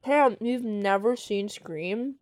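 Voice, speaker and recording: A woman's voice: medium pitch, slow. A young woman co-hosting a podcast, chatting casually, swearing and joking. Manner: profane, joking, animated. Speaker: podcast co-host. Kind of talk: casual chat.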